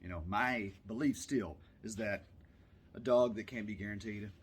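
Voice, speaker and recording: A man's voice: lowish voice, normal speed, a little hiss or hum. A man telling a story in a casual vlog, rambling and chatty, now and then breaking off to scold a puppy. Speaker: vlogger. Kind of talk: casual chat.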